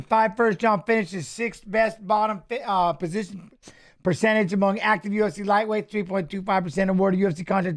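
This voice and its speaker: High-voiced man rambling through fight commentary. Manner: rambling, muttered asides and quick stat reading. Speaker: watch-along host, former fighter. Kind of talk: casual live commentary while watching fights.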